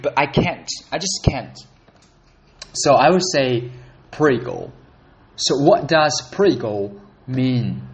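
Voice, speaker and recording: Slow-talking man. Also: mid-range voice, lo-fi sound. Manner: unhurried, chatty, repeats words to practice. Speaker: podcast host learning Italian. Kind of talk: casual solo podcast lesson.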